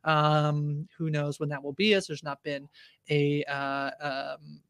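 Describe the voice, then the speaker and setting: A woman's voice: low voice, level tone, takes it slowly, clean tone, no echo, studio quality. A woman co-hosting a podcast, chatting in an appreciative way with easy teasing. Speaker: podcast co-host. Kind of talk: casual podcast chat.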